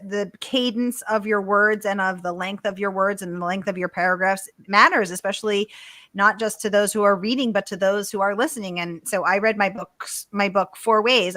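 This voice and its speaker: A woman hosts a live online Q&A over a video call, upbeat as she reads out audience comments. Her voice is bright and crisp at a middle pitch. The sound is dry and close, with no room echo. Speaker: host of a bookstore author event.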